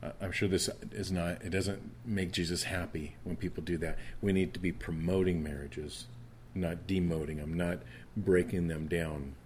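Middle-aged guy preaching, low voice, chatty and earnest, lots of restarts, bit of faint hiss behind. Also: steady tone, moderate pace, a little mellow. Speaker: pastor. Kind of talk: sermon.

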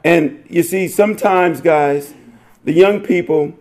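A man's voice: fairly high pitch, slow pace. An older man preaching a sermon as pastor, telling a joke with laughter before turning to prayer. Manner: animated, laughing storyteller.

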